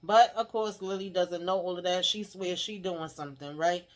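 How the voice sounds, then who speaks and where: A woman's voice: lowish voice, moderate pace. A chatty woman runs through a TV episode recap in loose, casual talk. She laughs often and slips into the characters' lines as she retells scenes. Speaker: TV recap host.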